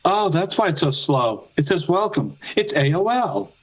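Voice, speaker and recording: A man's voice: a little high, sing-song, normal speed. A man co-hosting a podcast, chatting casually with a profane, joking manner, calling in over a phone. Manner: profane, joking, laughs often. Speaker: podcast co-host. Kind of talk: casual chat. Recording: phone line.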